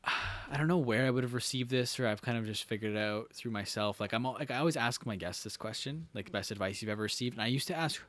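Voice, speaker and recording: A young man chatting casually as a podcast guest, talking fast with lots of fillers. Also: medium pitch, fairly bright tone. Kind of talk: casual chat.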